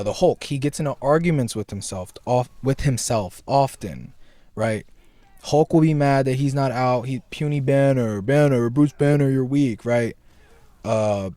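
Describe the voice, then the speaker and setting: A young man hosts a casual commentary video essay, rambling in slang and repeatedly checking in with the listener by asking "right?". His voice is medium-pitched with a dark tone, and there's no echo.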